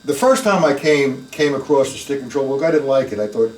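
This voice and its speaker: A man's voice: medium pitch, lively intonation, a little fast, a little mellow. An older man giving a live drum lesson, chatting casually, calling viewers by name and counting beats aloud. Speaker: drum teacher. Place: room with drum kit. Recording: echoey room, from a distance, with music.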